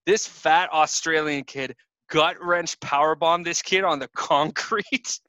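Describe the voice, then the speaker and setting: Bright, foul-mouthed podcast man. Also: fairly high pitch, slow pace, clear, resonant tone, no room sound, highs cut off. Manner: laughs often, swears freely, animated storytelling. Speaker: podcast co-host. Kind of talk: crude casual banter.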